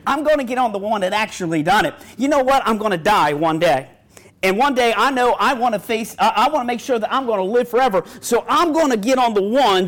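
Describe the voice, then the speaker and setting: Middle-aged man, pastor, high voice, folksy sermon delivery with scripture quotes. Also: animated, moderate pace, fairly bright tone. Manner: folksy storytelling preacher, quotes scripture, stammers on restarts.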